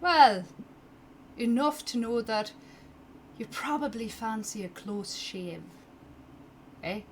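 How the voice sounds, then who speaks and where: Woman playing a dry, mocking barber, a sardonic man who talks over the group, pitched a touch higher than her own easy voice and louder, with a faint hiss of room sound behind. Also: animated, slow, heavily acted. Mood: wry. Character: sardonic male barber, secret contact.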